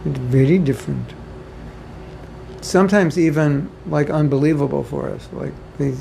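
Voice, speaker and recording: In a rough recording with slight hiss or hum, a man from the United States lectures devotees informally, joking on the side and repeating himself often. He speaks at normal speed with a medium pitch, vocal fry and a dark tone. Faint ambience suggests a home or temple room.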